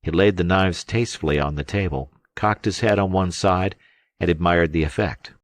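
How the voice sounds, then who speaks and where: A man narrating an adventure novel as an audiobook, in steady, even storytelling. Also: sits low, normal speed, no echo, studio quality. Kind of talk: scripted narration.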